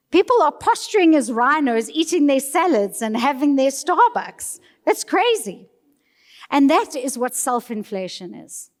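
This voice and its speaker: A woman giving a motivational talk on stage, telling a story with dramatic flair and speaking to the audience. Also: high-pitched. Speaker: keynote speaker. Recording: reverberant hall.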